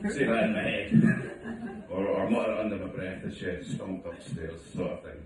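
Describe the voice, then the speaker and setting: A middle-aged stand-up comedian does an unhurried, wry, self-mocking routine with huge pitch swings, sometimes acting out his wife in a higher voice. The distant phone recording in an echoey room has heavy background noise and audience laughter.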